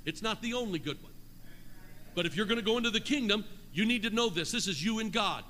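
A man preaching a Pentecostal-style sermon, reading scripture, shouting out and calling for responses from his congregation. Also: high-pitched, animated, fast talker. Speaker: pastor. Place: church sanctuary. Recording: long hall reverb, faint noise.

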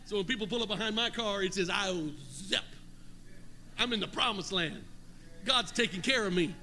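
A man preaching a Pentecostal-style sermon, reading scripture, shouting out and calling for responses from his congregation. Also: high-pitched, fast. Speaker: pastor. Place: church sanctuary. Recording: long hall reverb, faint noise.

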